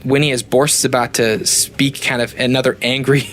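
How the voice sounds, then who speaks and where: A man narrating a tabletop game as game master, relaxed and hesitant with many fillers. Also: medium pitch, normal speed, slight background noise.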